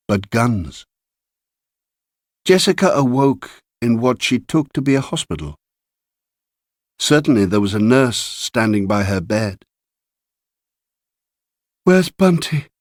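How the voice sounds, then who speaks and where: Slow, low-voiced male audiobook narrator. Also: dry recording, studio quality. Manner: measured, unhurried storytelling. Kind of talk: scripted literary narration.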